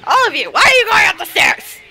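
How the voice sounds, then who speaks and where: Woman host reacting to cartoons, high bright voice, gravelly edges, swearing and shouting. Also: sing-song, fast, faint music behind, low-quality recording. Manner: loud, profane, laughing outbursts. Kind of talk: casual reaction commentary.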